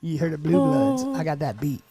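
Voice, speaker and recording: Casting: male podcast co-host, a bit high-pitched, rambling and jokey. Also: sing-song. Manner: rambling, jokey, quick to put on silly voices. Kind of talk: casual chat.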